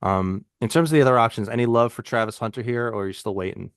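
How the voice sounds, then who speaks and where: A man's voice: mid-range voice, fast talker, clear, resonant tone, no echo, clean studio sound. A man co-hosting a casual fantasy football podcast, talking loosely with frequent restarts. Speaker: podcast co-host.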